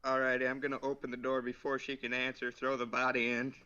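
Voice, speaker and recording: A man's voice: medium pitch, completely flat delivery, fast talker, pushed and bright, smooth, highs cut off. A man playing a tabletop role-playing game, gleefully describing what his character does and laughing at his own plans. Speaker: player. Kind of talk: casual tabletop game play.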